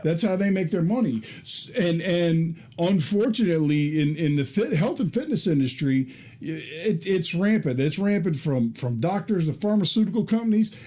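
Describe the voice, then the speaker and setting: A man's voice: on the high side, expressive, moderate pace, few pauses, warm tone. A man hosting a podcast, agreeable and casual, backing up his guest with plenty of affirmations. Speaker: podcast host. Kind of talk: conversational interview.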